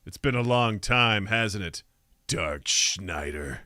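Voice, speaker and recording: A man voicing a grave old male high priest in a comedic anime dub parody, speaking low, slow and solemn. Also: animated, pushed and bright, dry recording, clean studio sound, full character voice.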